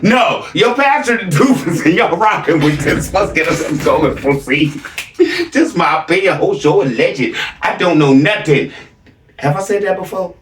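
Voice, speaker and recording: A man's voice: high voice, moderate pace, fairly bright tone, echoey room, distant mic. Guy roasting a video he's reacting to, sarcastic, voice bouncing round a room a bit away from the mic. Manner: sarcastic, repeats catchphrases. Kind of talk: mocking reaction commentary.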